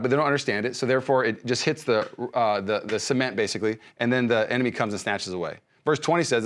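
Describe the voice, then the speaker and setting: A male pastor giving a sermon, speaking conversationally with many restarts and swinging between loud emphasis and soft hushed lines. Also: medium pitch. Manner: frequent fillers and restarts, conversational preaching.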